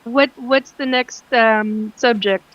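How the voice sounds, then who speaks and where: A woman's voice: fairly high pitch, steady tone, takes it slowly, fairly bright tone, dull audio. A woman co-hosting a casual chat, blunt and joking.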